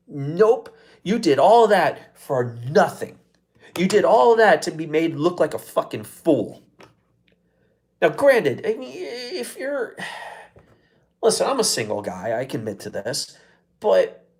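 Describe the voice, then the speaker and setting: A man's voice: a little high, darkish tone. A man hosting his own live show, ranting casually with a lot of profanity and exasperation. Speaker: show host.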